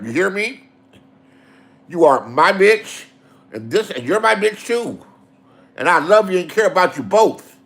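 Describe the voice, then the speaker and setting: A man acting out a boastful hothead who barks profane threats and bosses everyone around. His voice sits a little high and gravelly. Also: exaggerated voice. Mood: commanding. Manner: profane, shouting threats, domineering. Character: brash threatening adult man, hot-tempered and boastful.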